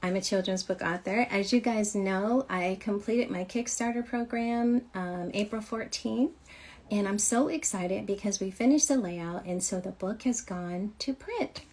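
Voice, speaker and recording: Speaking a little slowly, in a medium pitch with a darkish tone, she hosts a children's author livestream. The Michigan native talks casually and brightly about children's books, often breaking into laughter.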